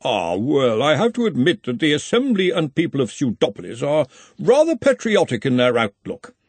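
A man's voice: mid-range voice, wildly swooping pitch, normal speed, husky, dry recording, voice pushed up, exaggerated voice. A man doing a smug, chirpy rival wizard. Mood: smooth. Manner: blithe, genteel, self-satisfied. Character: smooth, cheerful, smug rival male wizard.

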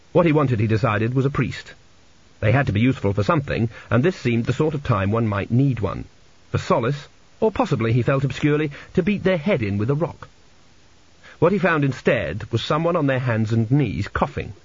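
A man narrating a comic fantasy audiobook in a dry, measured storytelling manner, in a lo-fi recording. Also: mid-range voice, husky, dry recording. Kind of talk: scripted narration.

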